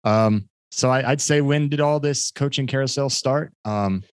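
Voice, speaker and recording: A man's voice: mid-range voice, normal speed, clean tone, dry recording. A man hosting a casual sports podcast, chatty and jokey, laughing often. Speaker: podcast host.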